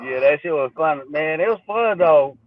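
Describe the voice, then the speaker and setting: A man's voice: on the high side, lively intonation, normal speed, dull audio, a little hiss or hum. A man from Texas, a rapper guest, talking casually in an easygoing way with street slang. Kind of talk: casual interview.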